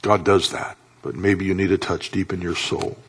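A man with a low, husky voice preaches a sermon to his congregation. He pleads with them and repeats key words, swinging from urgent emphasis to soft, hushed delivery. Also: flat delivery, moderate pace. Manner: impassioned preaching with sudden soft drops and pleading repetition. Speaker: pastor.

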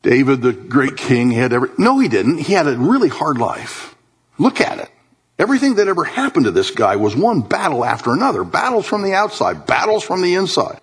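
Husky male preacher, animated delivery. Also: a little fast. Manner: animated preaching, swinging from low murmurs to high emphatic bursts. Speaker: pastor. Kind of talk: sermon. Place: church hall with congregation.

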